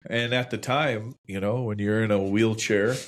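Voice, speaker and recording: A man with a somewhat low voice chats as a guest on a casual podcast. He tells his story with dry, joking understatement and an easy, plain delivery. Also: steady tone, normal speed. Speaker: associate pastor, podcast guest.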